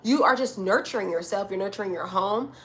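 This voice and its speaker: A woman's voice: medium pitch, fairly quick, a bit bright. A woman giving a casual collective tarot reading from home. She talks directly to her listeners and calls them honey and child. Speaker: tarot reader.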